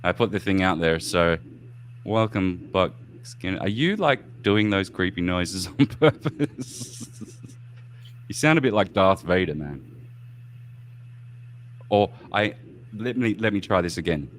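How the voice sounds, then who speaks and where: A man's voice: deep voice, measured pace, long pauses. A man hosting a podcast in casual chat, laughing often and swearing as he rambles. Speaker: podcast host.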